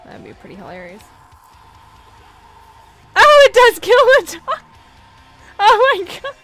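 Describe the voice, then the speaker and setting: A young woman commenting on her own gameplay, giggling, squealing and reacting excitedly. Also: very high voice, slow pace, soft background music. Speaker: gameplay video host.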